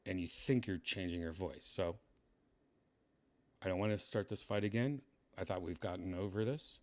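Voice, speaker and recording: A man hosting a stream, talking in a deadpan way that trails off quietly. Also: low-pitched, moderate pace. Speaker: streamer host. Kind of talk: casual streaming chat.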